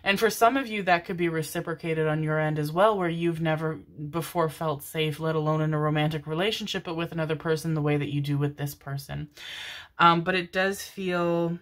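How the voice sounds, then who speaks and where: A woman's voice: low-pitched, fairly even intonation, brisk. A woman giving a casual, rambling tarot reading, affectionate and loose, with frequent fillers and casual swearing. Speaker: tarot reader. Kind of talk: casual intuitive reading monologue.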